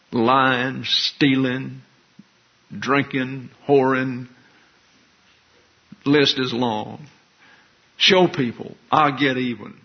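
Husky-voiced man preaching, lo-fi. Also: medium pitch. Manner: wry, conversational teaching with asides. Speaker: pastor. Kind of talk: expository sermon. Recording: dull lo-fi recording.

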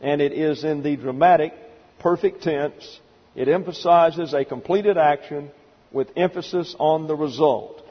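A man's voice: on the high side, unhurried, in a large hall, dull audio. A man preaching as a pastor, working through numbered points in a methodical Bible lesson with dry asides. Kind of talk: expository Bible teaching.

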